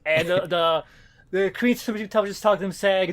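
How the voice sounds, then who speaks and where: A man's voice: sits high, normal speed, a bit bright. A man co-hosting a casual comics podcast, rambling with lots of fillers, restarts and swearing. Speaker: podcast co-host.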